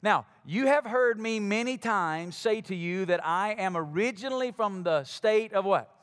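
A man's voice: high voice, animated, normal speed, a bit bright. A man from Alabama with a Southern accent, preaching a sermon to his congregation in a conversational way, calling out questions to them. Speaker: pastor. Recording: long hall reverb.

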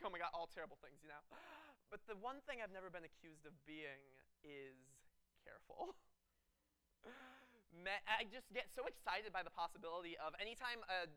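A young man from Texas, a student pastor telling funny stories in a sermon, animated and laughing often, with many fillers. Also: high voice, clear, resonant tone. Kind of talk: humorous sermon storytelling. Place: church before a live congregation.

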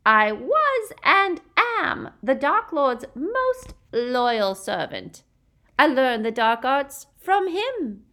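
A woman's voice: on the high side, a bit bright, pitched above the performer's own voice, exaggerated voice. A woman voicing a cruel, gloating adult witch who taunts in a sing-song mock baby voice and shrieks.

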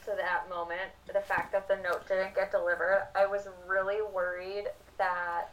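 A woman's voice: medium pitch, little pitch movement, normal speed, a bit bright, distant mic, highs cut off. A woman co-hosting a casual book discussion, thoughtful and rambling, with lots of "like"s. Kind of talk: casual chat. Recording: voice a bit off-mic.

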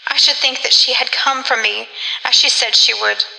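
A woman's voice: high-pitched, steady tone, moderate pace, creaky, bright, forceful tone, heavily acted. A woman voicing a fragile, timid woman who speaks fearfully and pleads. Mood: terrified. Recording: long reverb.

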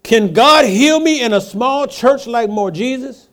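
High, lively-voiced male preacher. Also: a little slow. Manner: call-and-response preaching, rhetorical questions to the congregation; swings between hushed asides and loud emphatic lines. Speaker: pastor. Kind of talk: sermon.

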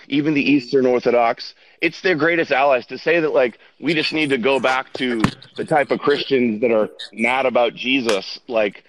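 A man's voice: mid-range voice, no room sound, low-quality recording. A man out of breath as he walks outdoors, arguing insistently as a debate guest. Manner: insistent, argumentative. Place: outdoors, walking.

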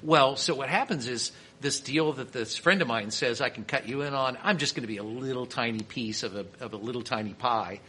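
A man from Kansas City tells stories as a podcast guest, chatty and full of restarts. His voice is bright and forceful at a middling pitch. A faint noise sits under the recording. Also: brisk, few pauses. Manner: chatty storyteller with frequent restarts. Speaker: podcast guest, winery owner and master sommelier. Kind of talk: casual storytelling interview.

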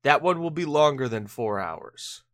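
A man co-hosting a casual podcast chat. He sounds tired but animated, and his slightly high voice swings widely in pitch. He laughs often and trips over his words, and the sound is dry and close. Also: measured pace, no echo. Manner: animated, laughs often, restarts mid-sentence. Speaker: podcast co-host.

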